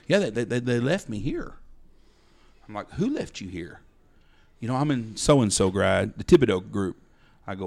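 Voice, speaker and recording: A man's voice: on the low side, animated, fairly quick. A middle-aged man, a hunting outfitter telling blunt, folksy stories about clients on a podcast. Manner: folksy, blunt storyteller acting out clients' lines. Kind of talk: casual storytelling chat.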